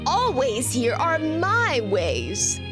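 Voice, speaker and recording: A woman playing a haughty, tyrannical queen who speaks slowly and expects to be obeyed. Her voice runs high and swoops widely. Game music plays behind her. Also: wildly swooping pitch, exaggerated voice. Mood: imperious.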